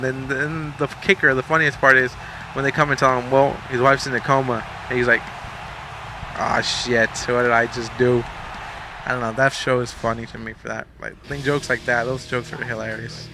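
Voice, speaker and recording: A young man casually commentating a wrestling video game, rambling, joking and swearing, a bit sleepy. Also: medium pitch. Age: young adult. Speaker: gameplay commentator.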